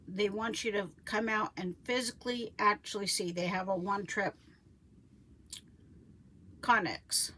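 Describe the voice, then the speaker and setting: A woman, chatting casually on a live stream about her homestead, rambling and correcting herself as she goes. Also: mid-range voice. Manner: rambling, self-correcting, quotes others in lively voices. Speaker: homesteading vlogger.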